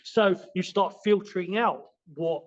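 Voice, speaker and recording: A man's voice: sits high, measured pace, dull audio. A man, a martial arts teacher, explaining his practice in a rambling way, full of fillers and restarts, as a podcast guest. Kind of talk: casual spoken explanation in a podcast interview.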